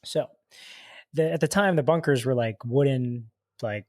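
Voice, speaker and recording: A man in his twenties from Chicago, a guest telling stories in a casual, animated way, full of "like" and "dude". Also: medium pitch, normal speed, dry recording, clean studio sound. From Chicago, USA. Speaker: podcast guest, paintball player. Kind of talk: casual storytelling.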